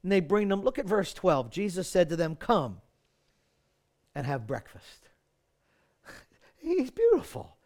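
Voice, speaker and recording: A man's voice: high voice, animated, measured pace, pauses often, a little mellow. A man preaching a sermon, reading scripture aloud in an earnest, folksy way, often checking in with "right?". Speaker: pastor.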